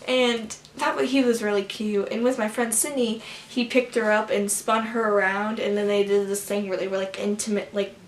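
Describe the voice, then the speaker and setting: A young woman vlogging a casual story, gushing and excitable, rambling with lots of fillers. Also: mid-range voice, moderate pace, hardly any pauses. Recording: roomy with faint background noise.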